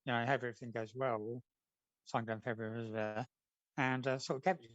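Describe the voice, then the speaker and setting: A man's voice: mid-range voice, steady tone, brisk, no echo, muffled recording. A man, a comic artist guest, chatting casually and telling rambling anecdotes, acting out what people said.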